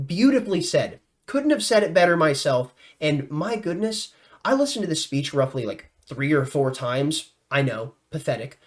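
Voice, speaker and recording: A young man giving casual, enthusiastic vlog commentary and talking straight to his viewers in an animated, effusive way. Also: on the high side, normal speed. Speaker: news commentary vlogger.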